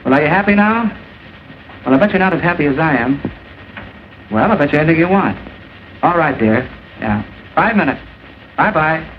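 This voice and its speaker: A brash wisecracking reporter. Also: male voice, fairly high pitch, animated, normal speed, long pauses. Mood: coaxing. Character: wisecracking male newspaper reporter. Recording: hissy, muffled early sound film.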